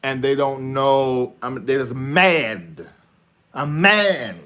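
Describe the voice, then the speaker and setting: A man hosting a live online talk show, thinking out loud in an animated monologue that swings from shouting to muttering. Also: medium pitch, takes it slowly, clear, resonant tone. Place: studio.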